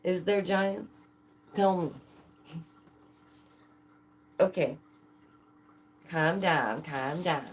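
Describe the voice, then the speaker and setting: A woman vlogger with a low-ish voice chats casually to the camera, excitable and laughing often. She fires off many rhetorical questions at viewers, and a little hiss or hum sits under the audio.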